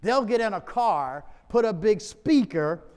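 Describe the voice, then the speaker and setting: A male pastor speaks slowly in a smooth, resonant, somewhat high voice. He tells his congregation about a mission trip in a relaxed, chatty way, breaking into laughing asides. The sound carries a long church reverb. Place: church sanctuary.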